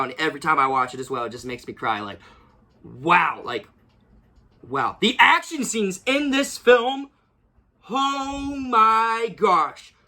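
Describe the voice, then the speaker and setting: A man's voice: fairly high pitch, sharp tone. A young man giving a casual, rambling movie review, gushing and repeating himself with many fillers.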